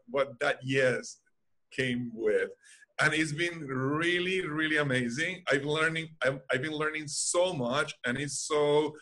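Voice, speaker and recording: Man, aqua fitness instructor, earnest, fairly high voice. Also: bright, forceful tone. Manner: earnest, halting, restarts often. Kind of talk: casual webinar chat. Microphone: video call.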